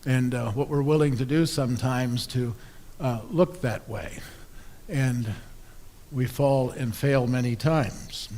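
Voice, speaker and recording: Episcopal priest guy giving a sermon, chatty and wry, mid-pitched. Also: slow pace, warm tone. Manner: conversational, wry storytelling.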